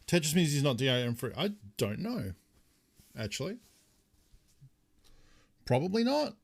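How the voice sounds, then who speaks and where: A man's voice: a little high, normal speed, gravelly. A young Australian man chatting casually with his viewers while streaming a game, rambling and swearing lightly. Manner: relaxed, rambling, answers chat, swears casually. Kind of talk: casual live-stream chat.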